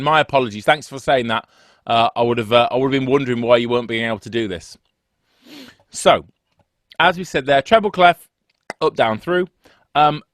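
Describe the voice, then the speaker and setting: A man's voice: medium pitch, fairly bright tone, dry recording, clean studio sound. A man teaching an online music theory lesson on a video call, chatty and self-deprecating, wandering off into asides. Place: home setup with two screens. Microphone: desk microphone on a video call.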